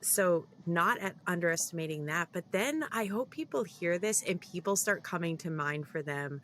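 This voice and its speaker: A woman's voice: on the low side, animated, normal speed, a bit bright, slight background noise. A woman co-hosting a faith podcast, talking in an encouraging, reflective way. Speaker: podcast co-host. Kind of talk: casual faith podcast chat.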